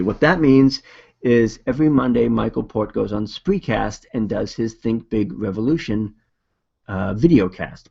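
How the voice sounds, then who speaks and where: Gravelly Boston man giving a webinar. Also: lowish voice, darkish tone, highs cut off. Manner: casual, upbeat coaching talk with fillers. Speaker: video marketing presenter. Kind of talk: webinar presentation.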